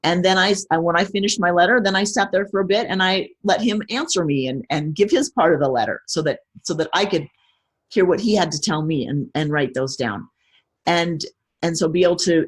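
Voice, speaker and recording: A middle-aged woman speaking as an interview guest, reflective and measured, often restarting her sentences. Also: lowish voice, husky. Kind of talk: personal interview conversation.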